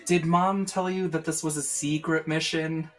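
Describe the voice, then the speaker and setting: A woman playing a tabletop game who is playful and quick to exclaim. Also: sits low, fairly even intonation, over music. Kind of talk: casual play talk.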